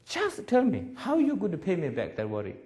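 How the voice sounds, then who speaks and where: A man in his forties, a Buddhist teacher, gives a public talk over a webcast in broken English, telling stories and laughing often. His voice sits high and a little mellow, swinging hugely in pitch, and he speaks a little fast.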